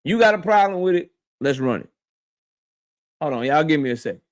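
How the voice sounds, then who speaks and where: A man with a high-pitched voice rants as a boxing channel host, speaking straight to the person he is calling out. He is confrontational and swears freely. He hammers each point by saying it more than once. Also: expressive, moderate pace, dry recording, clean studio sound. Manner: confrontational, profane, repeats his points; addresses his target directly. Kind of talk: heated commentary rant.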